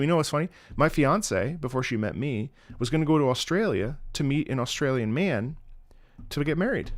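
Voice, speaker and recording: A man casually chatting with his viewers on a live stream, rambling and joking with chat. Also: medium pitch.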